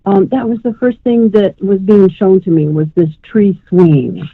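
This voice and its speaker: Speaking a little slowly at a medium pitch, this psychic medium rambles warmly through a live reading for a radio call-in listener and addresses her as sweetheart. Her voice comes through a tinny phone line with no echo.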